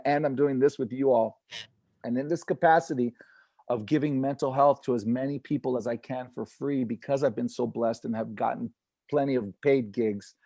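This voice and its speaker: A man who is an inspirational speaker and comedian, giving an energetic, earnest motivational talk on a video call and bringing quoted people to life with animated voices. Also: mid-range voice, no echo.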